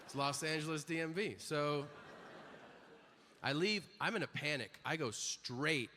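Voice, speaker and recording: A man's voice: fairly high pitch, unhurried, sharp tone, in a large hall, a little hiss or hum. A man in his thirties doing a brash stand-up set on a comedy stage, acting out dialogue as he tells his stories. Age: 30s. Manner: brash storytelling, acts out dialogue.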